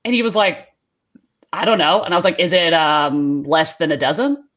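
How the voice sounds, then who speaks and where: A woman's voice: deep voice, animated, normal speed, a bit bright. Rambling woman on a muffled line. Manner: rambling storyteller, many fillers. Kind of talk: casual chat.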